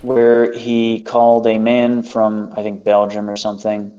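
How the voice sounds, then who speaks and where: A man's voice: lowish voice, monotone, measured pace, mellow, clear, resonant tone. A man hosting a casual chat, telling an exasperated, profane story. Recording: dull lo-fi recording.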